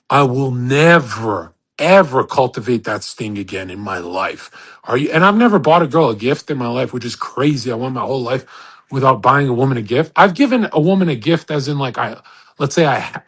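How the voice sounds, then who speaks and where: A man's voice: medium pitch, breathy edge. A man hosting a live audio chat room, boasting and ranting crudely in a rambling way, with many restarts and acted-out quotes.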